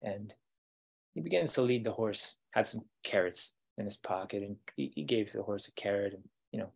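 A man telling a fairytale as a storytelling guide, slow with dramatic pauses, over a video call. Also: fairly low pitch, creaky, husky.

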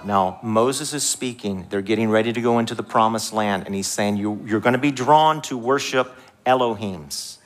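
A male pastor preaching a sermon in a church, conversational and animated, rising high for emphasis and dropping to a hushed voice. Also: normal speed. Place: church sanctuary.

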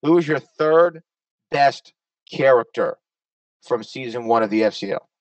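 A man hosting a casual panel chat, talkative and quick to laugh. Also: medium pitch, no room sound, recorded from a distance, low-quality recording. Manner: chatty, laughs often. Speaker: host.

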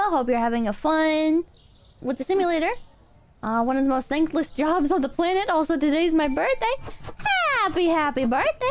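A high-pitched woman streams a game over a noisy background, chatting casually with her viewers. She's chaotic, swears, and mocks herself as she talks to chat while playing.

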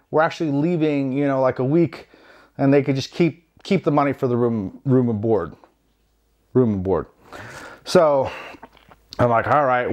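A man from the United States telling a rambling personal travel story in a wry, self-deprecating way, with lots of fillers and asides. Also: medium pitch. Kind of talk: casual storytelling. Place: home.

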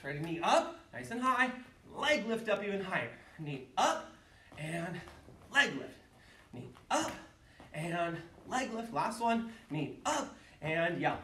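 Man teaching martial arts, lively pitch, bright voice, echoey room, mic a bit far. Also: a little hiss or hum. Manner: energetic, calls counts and shouts kiai yells. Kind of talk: live online class instruction.

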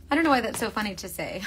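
A woman's voice: medium pitch, a bit bright, husky. A young woman hosting a makeup livestream, rambling and giggling as she reads viewer comments. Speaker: makeup seller and livestream host. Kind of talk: chatty livestream talk.

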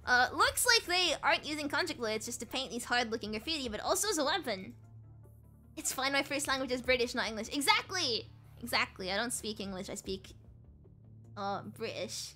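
A young woman streamer plays through a game live, reading its dialogue aloud and joking about herself as she goes. Her voice sits high and bright, with pitch that leaps around as she chatters. Faint game music plays softly behind her. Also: lively intonation, fairly quick. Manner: giggly, playful, self-mocking. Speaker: VTuber streamer.

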